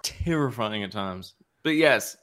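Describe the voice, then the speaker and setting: Slow-talking man, podcast co-host. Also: fairly low pitch, animated, a crowd in the background. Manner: slow, drawn-out delivery with laughs. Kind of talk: casual chat.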